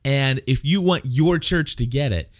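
A man's voice: medium pitch, a little slow. A man in casual conversation about church life, earnest and often stumbling over his words as he corrects himself. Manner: rambling, self-correcting, earnest. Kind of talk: casual faith discussion.

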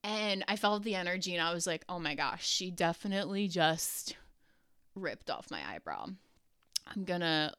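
Bright, lively woman telling a story. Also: on the high side, clean tone, dry recording, clean studio sound. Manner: animated, laughs often, swears casually. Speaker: podcast host. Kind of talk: personal storytelling.

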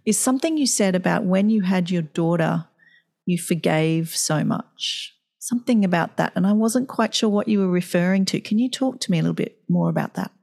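A woman's voice: on the low side, fairly quick, creaky, darkish tone. A woman hosting a conversational interview, asking reflective, thoughtful questions. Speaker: host.

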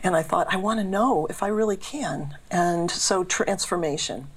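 A woman's voice: fairly low pitch, moderate pace, slightly rough. A woman in her sixties from the Boston area, a guest telling her faith story in an earnest, reflective way. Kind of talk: faith testimony in casual interview.

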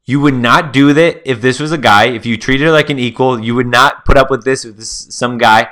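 A man's voice: mid-range voice, moderate pace, bright, forceful tone. A man hosting a solo podcast, telling stories in a chatty, casual way and talking straight to his listeners. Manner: chatty, storytelling, addresses listeners as guys. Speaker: podcast host.

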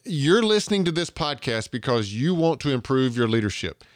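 A man's voice: mid-range voice, big pitch swings, normal speed, no echo, studio quality. A man with a Southern US accent from Georgia, hosting a podcast interview in an earnest way and often restarting his phrases. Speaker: podcast host.

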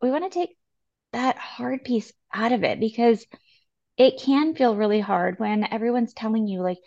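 A woman's voice: a little high, vocal fry, a little mellow, dull audio. Earnest woman podcast co-host. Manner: earnest, encouraging, quotes people in quick asides. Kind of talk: casual health podcast chat.

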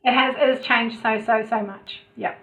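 Appearing as a podcast guest over a tinny, phone-like remote call, a woman chats casually at normal speed in a fairly high voice. She's talkative, restarts her sentences often, and throws in animated asides.

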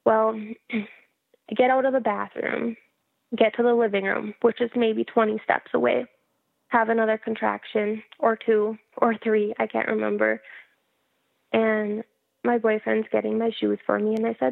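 A woman tells her own story in a frank, wry way, often laughing at herself. Her voice sits a little high with a gravelly fry and little pitch movement. The sound is dry and thin, like a phone line. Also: level tone, a little slow, long pauses, no echo. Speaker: guest telling her birth story. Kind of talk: casual storytelling interview.

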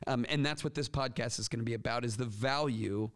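Energetic man hosting a podcast. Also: medium pitch, a little fast. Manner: energetic, chatty with frequent restarts. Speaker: podcast host. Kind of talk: casual podcast talk.

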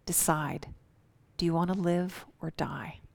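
A woman voicing the calm inner voice in her head, giving quiet, matter-of-fact warnings. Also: low voice, measured pace, creaky.

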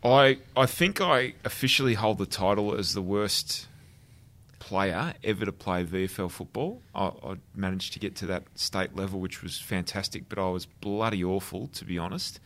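A man's voice: deep voice, normal speed, a bit bright. An Australian man in his thirties, co-hosting a podcast and chatting in a self-deprecating, joking way. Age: 30s. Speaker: podcast co-host. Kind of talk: casual podcast chat.

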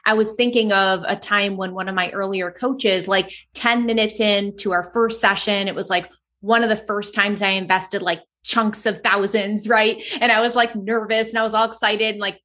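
A woman hosting a podcast interview, enthusiastic and affirming, retelling her own story in an animated way. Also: mid-range voice, moderate pace. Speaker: podcast host. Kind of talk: interview conversation.

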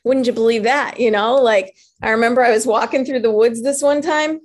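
Animated higher-pitched woman coach. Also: fairly quick. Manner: earnest, animated storytelling. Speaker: life coach. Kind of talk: motivational talk.

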